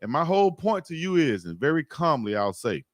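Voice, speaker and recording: A man's voice: on the high side, very animated, a little fast, dry recording, clean studio sound. A man hosting a heated sports debate, pressing his point in slangy talk and calling his co-host "dog". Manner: insistent, slangy, repeats "dog".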